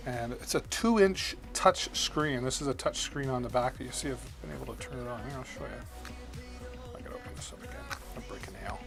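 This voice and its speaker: A man hosting a live shopping stream, chatting casually and greeting viewers by name as he demos products. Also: mid-range voice. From Canada.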